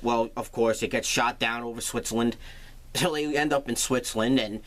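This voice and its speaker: Dude recapping a movie plot, sarcastic and sweary, casual chat. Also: male voice, mid-range voice, steady tone, normal speed, fairly bright tone. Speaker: movie reviewer.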